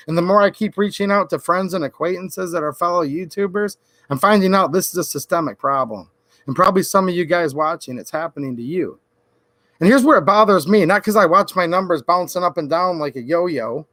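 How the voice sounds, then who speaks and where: In a dry recording, a Michigan man with a high, slightly bright voice rants sarcastically on a late-night political livestream. The political YouTuber ridicules senators by mimicking them in quoted voices.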